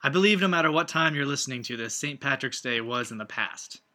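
Man, podcast co-host, dry deadpan, very bright tense tone, casual comedic chat. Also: medium pitch, a little fast. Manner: dry, matter-of-fact deadpan.

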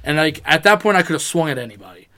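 Fast-talking young man, profane storyteller. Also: a little high. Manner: rambling, profane, animated storytelling. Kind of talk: casual storytelling chat.

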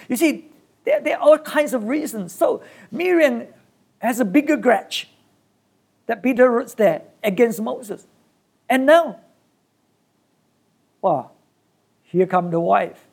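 Preacher, sermon, gravelly creaky voice, emphatic short bursts, repeats key phrases. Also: medium pitch, animated, slow, long pauses, a little mellow.

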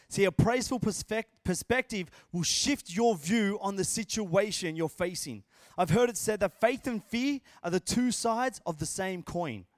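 A man's voice: sits high, dry recording, studio quality. A man preaching a sermon as a pastor, earnest and emphatic, repeating his phrases.

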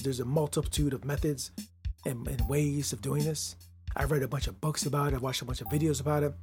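Addressing the listener head-on, this motivational podcast host tags many lines with "right?" and alternates loud, emphatic moments with soft asides. His voice sits on the high side.

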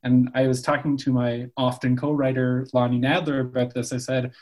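A man's voice: mid-range voice, flat delivery, moderate pace, a little mellow, rough recording. A man from Canada chatting casually as a podcast guest, loose and profane, full of "like" and "sort of.". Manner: loose, swears freely, lots of "like" and "sort of".

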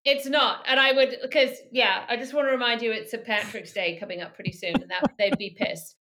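A woman's voice: a little high, fairly even intonation, fairly quick, over loud music. A woman with an accent blending British and Texan, talking animatedly as a podcast guest. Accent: mixed British and Texan. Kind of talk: casual conversation.

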